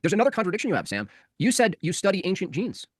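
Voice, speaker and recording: A man debating live, talking extremely fast as he presses his point, cuts in and asks the same question again and again. His voice sits at an ordinary pitch and sounds dry and close. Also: wildly swooping pitch, no room sound.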